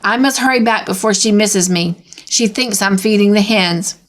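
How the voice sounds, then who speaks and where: A meek but cheerful older woman, as a woman storyteller reads her, firmly insisting on the bright side. She is given a plain, mid-pitched reading voice in a storybook telling. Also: moderate pace, natural voice. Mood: hopeful. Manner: firm, hopeful. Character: cheerful, optimistic older woman, timid sister.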